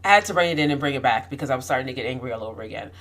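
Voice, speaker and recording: A woman's voice: a bass voice, expressive, rapid-fire, a bit bright. A woman talking candidly to camera about her own experiences, outspoken and passionate, with frequent restarts and rising emphasis. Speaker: vlogger. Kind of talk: candid personal talk to camera.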